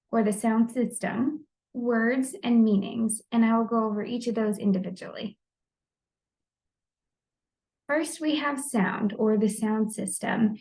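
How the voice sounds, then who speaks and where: A young adult woman presenting a class discussion post, explaining the basics of language in a friendly, steady way. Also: fairly high pitch, vocal fry, rough recording. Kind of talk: informal lesson on the basics of language.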